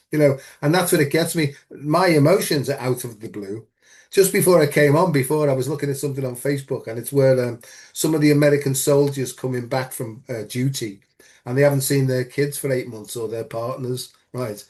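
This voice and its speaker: Guy hosting a chat over video call, earnest and rambly, says you know a lot, mid-pitched voice. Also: normal speed, darkish tone. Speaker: host. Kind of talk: casual heartfelt chat.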